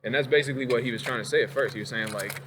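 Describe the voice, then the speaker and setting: A man's voice: medium pitch, rapid-fire, noisy background. A man ranting casually in a profane, rambling way in his home kitchen. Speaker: vlogger. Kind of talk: casual rant to camera.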